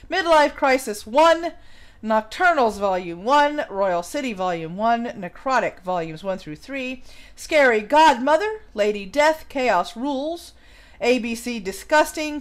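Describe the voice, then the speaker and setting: A woman with a high voice hosts a livestream. She reads a news piece aloud in a teasing, put-on English accent, stopping to laugh and chat with her audience. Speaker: livestream host. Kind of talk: reading an article aloud with live commentary.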